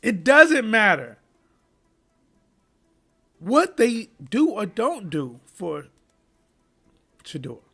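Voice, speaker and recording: A man's voice: high voice, huge pitch swings, drawn-out words, pauses often, sharp tone, breathy edge. A man hosting a live sports commentary stream, talking straight to his viewers in a heated, impassioned way. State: choking up. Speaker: sports commentary channel host.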